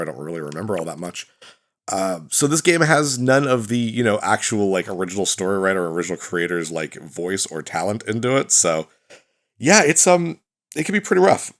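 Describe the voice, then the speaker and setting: Male gaming host, low voice, chatty and rambling, full of ums and quick corrections. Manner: rambling, filler-heavy, self-correcting. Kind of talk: casual let's-play commentary.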